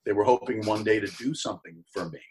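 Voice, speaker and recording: A middle-aged man, an actor as a guest, casually telling an anecdote and acting out the people in it with jumps up in pitch. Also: fast talker. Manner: animated storyteller who acts out quoted voices in a higher pitch.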